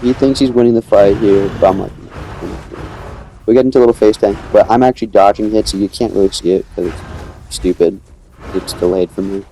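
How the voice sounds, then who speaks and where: A man's voice: fairly low pitch, steady tone, fast talker, mellow, soft background music. A young man casually narrating his own dinosaur gameplay, rambling as he tells the story and acting out quoted lines.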